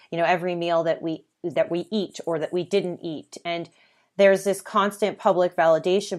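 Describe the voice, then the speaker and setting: A woman hosting her own podcast, talking earnestly and conversationally, with lists and the occasional filler. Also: on the low side. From United States. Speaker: podcast host. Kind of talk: solo podcast monologue.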